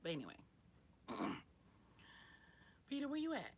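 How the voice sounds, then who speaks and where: A woman hosting a casual livestream, rambling in relaxed slang and greeting viewers by name. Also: medium pitch, a little slow, a little hiss or hum. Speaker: livestream host.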